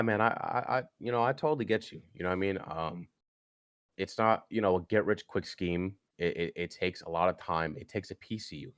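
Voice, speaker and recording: A young man on a podcast, telling a personal story earnestly, haltingly, with frequent restarts. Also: deep voice, no room sound, studio quality. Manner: earnest, halting, with many restarts and "you know". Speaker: podcast guest.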